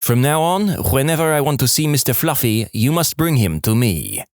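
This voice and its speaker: A man's voice: medium pitch, sing-song, moderate pace, dry recording, studio quality. A man voicing a harsh female drill sergeant with a French-Canadian accent, scolding in a stern, mock-formal way.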